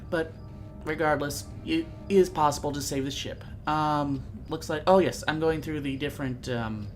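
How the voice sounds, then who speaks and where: A let's-play host giving casual, rambling gameplay commentary, chatty and self-deprecating. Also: medium pitch.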